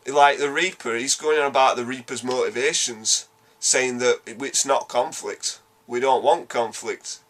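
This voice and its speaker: Blunt sweary Yorkshire man ranting. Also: mid-range voice. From Yorkshire, England. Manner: animated, blunt and sweary, quick rambling rants. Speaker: video game reviewer. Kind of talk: casual spoken game review.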